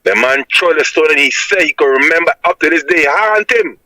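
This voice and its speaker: A Jamaican man with a high, bright, forceful voice reasons like a preacher, driving each point home with insistent emphasis. The sound is dry and close, with no room around him. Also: lively intonation, a little fast, dry recording, low-quality recording. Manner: emphatic and insistent, repeating "my lad" as a tag.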